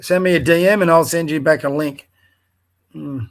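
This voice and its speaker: Australian man, middle-aged, livestream host, profane scornful rant, gravelly voice. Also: a little high, fairly even intonation, normal speed. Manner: blunt, profane, scornful asides. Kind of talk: angry live rant reading social media posts.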